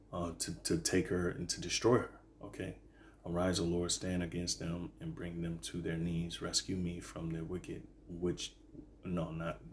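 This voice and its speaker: A man teaching from the Bible in a casual, halting way, reading verses slowly and filling pauses with "all right" and "okay". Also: sits low, vocal fry, darkish tone. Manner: reads verses slowly then explains. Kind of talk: informal scripture teaching.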